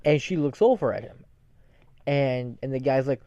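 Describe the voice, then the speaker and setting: A man's voice: medium pitch, moderate pace, pauses often, dark tone, no room sound. A young man ranting casually and profanely as a podcast co-host, rambling from story to story, on a dull lo-fi recording. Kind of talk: casual rant.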